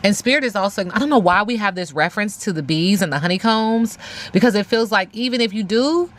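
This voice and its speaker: A woman's voice: medium pitch, fairly quick. A woman giving a casual spiritual tarot reading, emphatic, talking aloud to spirit and repeating phrases. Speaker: tarot reader.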